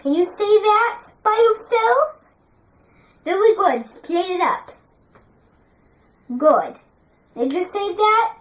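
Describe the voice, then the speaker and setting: A woman's voice: very high-pitched, lively intonation, slow pace, long pauses, poor audio. A woman teaching a class, drilling number sequences for pupils to repeat and praising them in a sing-song way.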